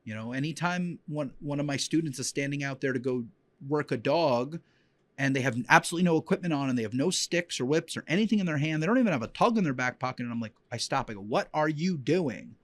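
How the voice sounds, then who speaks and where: A man's voice: medium pitch, animated, fast, fairly bright tone, no echo. A man in the middle of his range tells stories as a dog-training podcast host. He talks in a heartfelt, rambling way, full of fillers and restarts. His voice is dry and close. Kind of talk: emotional personal storytelling.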